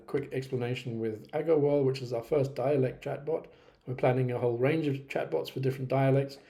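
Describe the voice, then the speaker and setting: A man presenting a software tutorial to teachers, talking casually with frequent hesitations. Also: medium pitch. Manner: relaxed, hesitant, many ums. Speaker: teacher-trainer presenting a platform. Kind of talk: casual screen-recorded tutorial.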